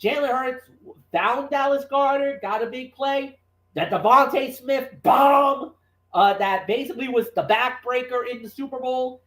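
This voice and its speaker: A man co-hosting a sports talk show, giving his opinions in an emphatic, animated way with frequent restarts. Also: extremely high pitch, measured pace. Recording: roomy echoey room.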